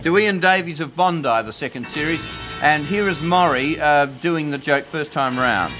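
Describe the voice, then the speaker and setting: A man's voice: fairly high pitch, normal speed, music in the background. A man hosting a live TV variety show, chatty as he announces winners in a studio with an audience. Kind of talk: live TV banter. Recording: loud studio audience, noisy.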